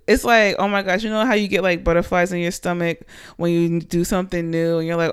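A woman's voice: on the low side, moderate pace, fairly bright tone, clean tone. A woman in her late twenties hosting a podcast, rambling casually and animatedly with lots of fillers. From Panama. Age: 20s. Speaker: podcast host.

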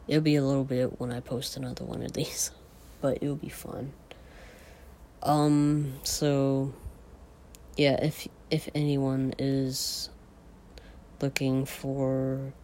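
A podcaster talking in a casual, confessional way, a man whose voice is changing and cracks now and then. He talks haltingly, with many fillers and restarts. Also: medium pitch, completely flat delivery, a little mellow, slight background noise.

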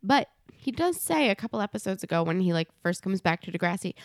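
A woman chatting on a podcast about a TV show, with animated, self-correcting asides. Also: medium pitch, brisk, few pauses, no echo, studio quality. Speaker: podcast guest or co-host. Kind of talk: casual chat about a TV show.

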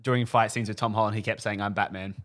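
A man's voice: fairly low pitch, level tone, quick pace, a bit bright. A young Australian man co-hosting a casual movie podcast, laid-back and chuckling. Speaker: podcast co-host.

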